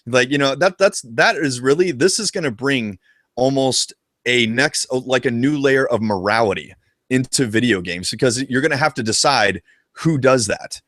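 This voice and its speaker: Man, gaming show co-host, casual live chat, excitable, profane, mid pitch, dry close sound. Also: moderate pace, no room sound.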